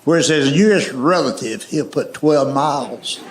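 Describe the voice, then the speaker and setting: A man doing stand-up, spinning folksy family stories in a drawling, deadpan way. His voice sits a little high and swings up and down with a lot of life. It is heard through a stage mic in an echoey live room with a faint hum behind it. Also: moderate pace. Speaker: stand-up comedian. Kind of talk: stand-up storytelling. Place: comedy stage before a live audience.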